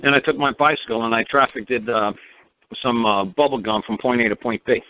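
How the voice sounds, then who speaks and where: A man's voice: mid-range voice, brisk. A man from New York hosting a call-in show, firing blunt, profane rhetorical questions at a caller. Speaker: radio show host. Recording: tinny phone-line sound.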